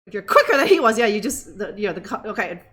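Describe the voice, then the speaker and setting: A woman's voice: medium pitch, big pitch swings, fast talker, fairly bright tone. A woman streaming a video game, joking sarcastically, laughing often, swearing, and ending lines with "huh?". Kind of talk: live gameplay commentary.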